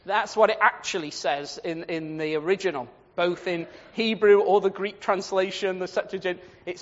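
A man preaching a sermon on the Psalms, lively and animated, acting out quoted voices and laughing at his own points. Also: sits high, normal speed, hardly any pauses. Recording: dull lo-fi sound with long hall reverb.

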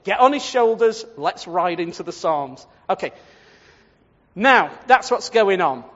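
Man preaching, high voice, animated, acts out voices, long hall reverb, dull lo-fi sound. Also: unhurried. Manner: lively, animated, acts out quoted voices, laughs at his own points. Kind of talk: sermon on the Psalms.

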